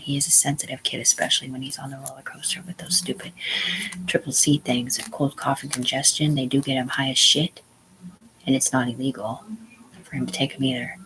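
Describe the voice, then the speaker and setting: A woman's voice: extremely low pitch, steady tone, a little fast, a bit bright, slight background noise, low-quality recording. A woman hosting a livestream, telling a rambling, profane story and often dropping to a whisper. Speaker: livestream host.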